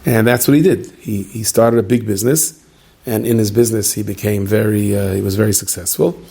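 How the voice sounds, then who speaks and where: Gravelly, husky rabbi telling a story. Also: male voice, fairly low pitch, a little fast, warm tone. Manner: conversational, with joking asides; sprinkles Yiddish and Hebrew words. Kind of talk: storytelling sermon.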